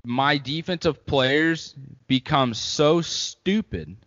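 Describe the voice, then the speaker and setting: A man's voice: a little high, slow, fairly bright tone. A man with a mid-range voice chatting casually, laughing and swearing as he mocks his own temper. His voice trails off into long reverb. The audio is dull and lo-fi. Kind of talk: casual chat.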